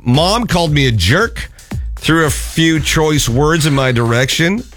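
A male radio co-host with a lively voice that swings up and down as he reads a listener's email. Faint music plays under his voice in the radio broadcast. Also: a little high, a little slow. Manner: animated, reads listener email aloud with emphasis. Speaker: radio morning show co-host. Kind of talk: casual radio banter and email reading.

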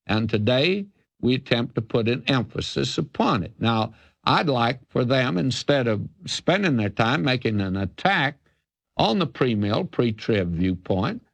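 A man's voice: medium pitch, dry recording. An older man from the South, a radio Bible teacher answering a listener's question in an earnest, emphatic, folksy preacher's cadence. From American South.

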